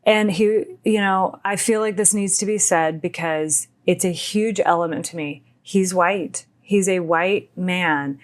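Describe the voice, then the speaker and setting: A woman's voice: lowish voice, a little slow, few pauses. A woman co-hosting a podcast, telling a personal story candidly and animatedly, sometimes dropping almost to a whisper. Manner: animated, acts out quoted dialogue, drops to near whispers. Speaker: podcast co-host.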